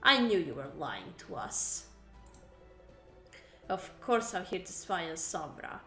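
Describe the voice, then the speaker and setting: A woman's voice: lowish voice, very animated, takes it slowly, pushed and bright, reverberant, faint music behind, full character voice. A woman putting on a cocky female spy. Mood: boastful. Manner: boastful, defensive.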